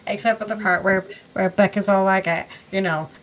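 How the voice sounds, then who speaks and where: A woman's voice: mid-range voice, steady tone, brisk, slight background noise. A young adult woman co-hosting a casual book review chat, chatty and hesitant with fillers, sometimes acting out quotes.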